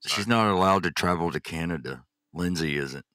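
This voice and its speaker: A man's voice: low-pitched, normal speed, a bit bright, no echo, clean studio sound. A Texan man hosting a podcast, chatting casually and crudely, reading listeners' messages aloud. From Texas. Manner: crude, rambling, reads chat aloud. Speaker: podcast host. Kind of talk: casual live-stream chat.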